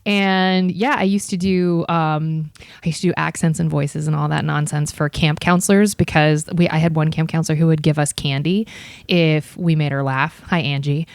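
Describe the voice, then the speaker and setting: A woman in her thirties, host of a podcast, chatting casually about her past while being interviewed, self-mocking and quick to quote herself. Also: deep voice, steady tone, clear, resonant tone. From Ohio.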